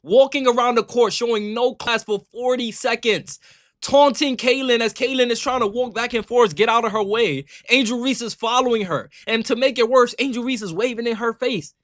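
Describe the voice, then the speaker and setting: Reaction host, male, high bright voice, heated rant. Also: moderate pace. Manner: animated, keeps asking "right?".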